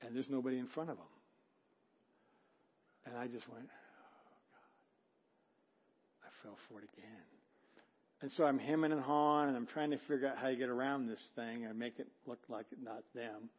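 A middle-aged male pastor preaching a sermon, telling a story with acted-out quotes and swinging from loud to hushed. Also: mid-range voice, brisk, long pauses, slightly rough, dull audio. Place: church sanctuary.

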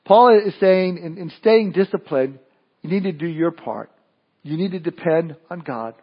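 A man's voice: fairly high pitch, expressive, moderate pace, husky, muffled recording. A male pastor preaching a sermon in a conversational way, often restarting and adding asides.

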